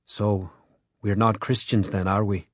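A man's voice: fairly low pitch, little pitch movement, unhurried, husky, dry recording, clean studio sound. A man reading an audiobook, voicing an earnest young Irish boy who asks questions in a slightly raised voice. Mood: curious.

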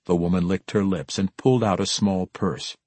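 A man reading a fantasy novel as an audiobook narrator, in a measured, low-key storytelling manner. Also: steady tone, darkish tone, no echo. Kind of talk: scripted narration.

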